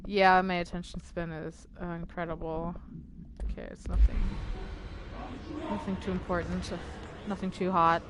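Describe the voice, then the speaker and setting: A woman's voice: fairly low pitch, level tone, normal speed, long pauses. A woman streamer giving casual gameplay commentary in a chatty, filler-heavy way, with bursts of alarmed swearing. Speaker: game streamer. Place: at home at a gaming setup. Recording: game noise behind a streamer mic.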